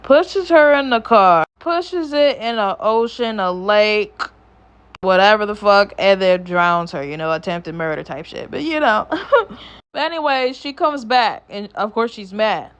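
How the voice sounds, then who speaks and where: A woman's voice: mid-range voice, expressive, measured pace, a bit bright, clean tone, muffled recording. A woman casually recapping a cartoon episode, rambling and swearing freely as she chats. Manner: rambling, profane, chatty. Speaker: YouTuber reviewing a cartoon episode.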